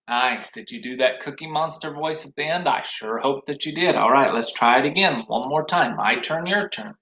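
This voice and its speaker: A man's voice: medium pitch, moderate pace, hardly any pauses, pushed and bright, rough recording. A man teaching an online music class for young children, with sing-song call-and-response. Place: home room, recording to a computer.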